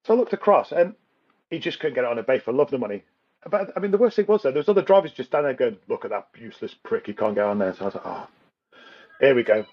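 A man hosting a casual podcast chat, telling animated stories, acting out other drivers and laughing often. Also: fairly high pitch, racing, lo-fi sound. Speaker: podcast host.

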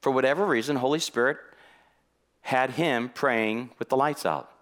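A man preaching a sermon in a church, telling a personal story in a lively way and acting out the conversations in it. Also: mid-range voice, moderate pace. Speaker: guest preacher.

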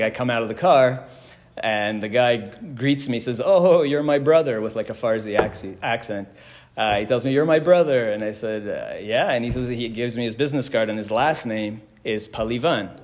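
A Canadian man teaches a religious class in a casual lecture full of stories, chuckling often and quoting Hebrew verses conversationally. His voice sits on the low side at a normal speed, with slight background noise.

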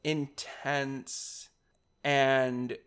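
A man's voice: medium pitch, level tone, drawn-out words, a bit bright, clear, resonant tone. A man co-hosting a casual podcast, talking hesitantly and enthusiastically about a film. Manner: hesitant, many fillers and restarts, enthusiastic. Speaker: podcast co-host.

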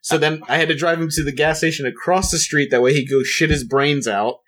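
A man's voice: on the high side, steady tone, a little fast, fairly bright tone. A young man chatting casually with friends, teasing and laughing often. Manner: laughs a lot, teasing interjections.

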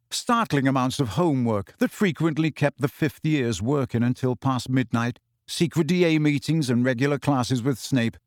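An audiobook narrator reads a novel from a script in a steady, measured manner. His voice is medium-pitched, and the studio-quality recording has no room sound.

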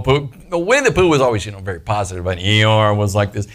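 A man's voice: on the low side, very animated, quick pace, few pauses, a bit bright. A man preaching a casual, playful sermon to a small church gathering, often acting out the voices he quotes. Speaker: pastor.

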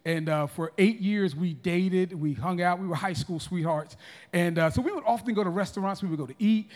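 High-voiced preacher in a reverberant hall. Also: male voice, brisk. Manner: emphatic preaching with repeated restarts and audience calls. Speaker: pastor. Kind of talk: sermon. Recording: long reverb of a large hall.

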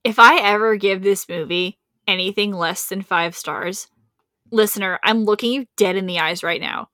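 A woman's voice: medium pitch, moderate pace, pushed and bright, dry recording, clean studio sound. A woman co-hosting a casual podcast, dramatic and gushing, swearing freely. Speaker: podcast co-host. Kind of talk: casual chat.

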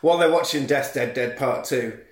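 A man's voice: medium pitch, a little fast, echoey room. A man co-hosting a podcast, recapping a film in a sweary, comedic way and acting out the characters. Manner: sweary, acts out characters in silly voices. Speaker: podcast co-host.

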